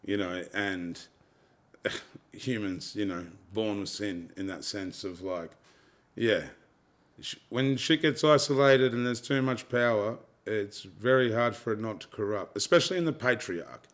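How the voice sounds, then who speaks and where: A low-pitched man with an Australian accent speaks as an interview guest. His talk is loose and blunt, with swearing and constant "you know" fillers, in an easy conversational flow. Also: unhurried, a bit bright. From Tasmania, Australia.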